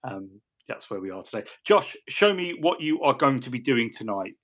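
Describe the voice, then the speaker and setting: A man's voice: mid-range voice, very animated, normal speed, fairly bright tone. A man hosting a casual hobby livestream in a chatty, joking, rambling way. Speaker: host.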